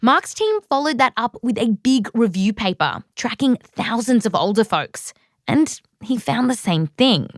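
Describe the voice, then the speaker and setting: A woman's voice: on the high side, very animated, measured pace, no echo, clean studio sound. A woman with an Australian accent hosting a science podcast, narrating from a script and interviewing with a playful, jokey manner. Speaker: podcast host.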